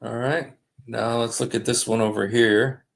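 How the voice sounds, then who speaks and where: A man hosting a livestream, reading passages aloud in a halting way, with many fillers and apologies. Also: medium pitch, steady tone, vocal fry. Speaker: livestream host. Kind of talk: casual livestream commentary reading texts aloud. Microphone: desktop streaming mic.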